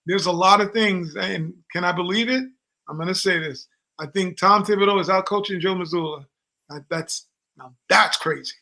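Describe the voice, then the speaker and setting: High-voiced guy hyping his team, bright punchy tone, jokey trash talk. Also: moderate pace, vocal fry. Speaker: podcast co-host. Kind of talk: casual sports chat. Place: home studio on a live stream.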